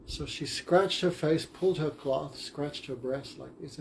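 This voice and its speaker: A man's voice: medium pitch, moderate pace, vocal fry, a little mellow, slight background noise. A man teaching a class, retelling a story in simple, short phrases.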